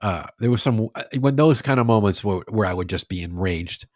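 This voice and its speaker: A middle-aged man with a low, deep voice speaks as a guest in a podcast conversation. He sounds reflective and measured, often restarting his sentences. The recording is dry, with no room sound. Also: expressive, no echo. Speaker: guest, sales author. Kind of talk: casual conversational interview.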